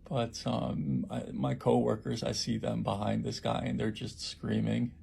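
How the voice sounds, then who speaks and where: A man who works at a homeless shelter recounts an attack in a halting personal account, with many fillers and restarts. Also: mid-range voice, flat delivery, gravelly, warm tone, slight background noise.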